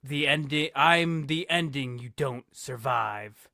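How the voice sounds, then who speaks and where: Brooding wrestler heel, slow and grim, put on by a man. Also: medium pitch, gravelly, sharp tone, no room sound, studio quality, exaggerated voice. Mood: menacing. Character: brooding menacing male wrestler, grim and dramatic.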